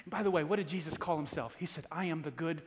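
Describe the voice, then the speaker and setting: A man preaching a sermon in a church, animated, repeating words and calling out to the congregation. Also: on the high side, fast. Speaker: pastor. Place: church hall. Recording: long hall reverb.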